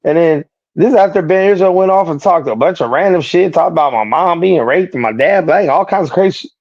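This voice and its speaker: A man in the middle of a heated, profane rant on a streamed talk show, swinging into sharp raised-voice quotes of other people. His audio is dull and muffled, and the sound is dry with no room around it. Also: a little high, animated, fairly quick, dry recording. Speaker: streamer co-host. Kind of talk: heated casual chat.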